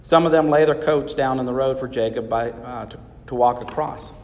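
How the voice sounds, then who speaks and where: A man reading a children's Bible story aloud in a measured storybook manner. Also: medium pitch, a little mellow. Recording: reverberant hall.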